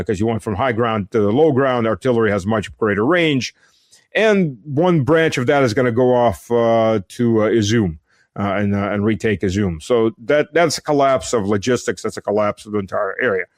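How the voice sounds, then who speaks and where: Halting man, dry close sound. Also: fairly low pitch, no echo. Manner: halting, many fillers and restarts. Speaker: military commentator. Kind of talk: unscripted spoken analysis.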